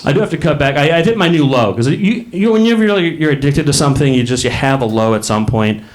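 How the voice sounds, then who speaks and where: Male stand-up comic, late thirties, slightly high voice, rambling self-deprecating club delivery. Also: lively intonation, fast talker. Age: late 30s. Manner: rambling, self-mocking, acts out voices in bursts. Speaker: stand-up comedian. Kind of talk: stand-up comedy set. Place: comedy club stage.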